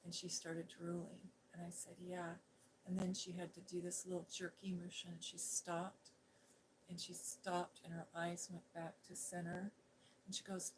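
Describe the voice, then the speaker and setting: A middle-aged woman, an ASMR host, telling a personal story in a gentle, hushed voice that drifts into whispers. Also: lowish voice, completely flat delivery, a little slow, a little hiss or hum, low-quality recording. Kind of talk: soft-spoken storytelling.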